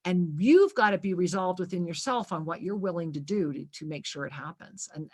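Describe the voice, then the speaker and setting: A woman's voice: on the low side, lively intonation, a little fast, hardly any pauses, slightly rough. A woman hosting a spiritual talk radio show, speaking emphatically and repeating key phrases.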